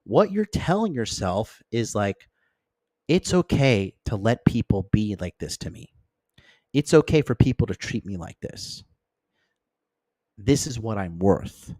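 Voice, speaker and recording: A man's voice: sing-song, unhurried, long pauses, darkish tone, no room sound, studio quality. Blunt profane man giving dating advice. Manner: blunt, profane, keeps checking in with "okay?"; acts out friends and exes in mocking higher voices. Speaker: host. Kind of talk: livestream dating advice talk.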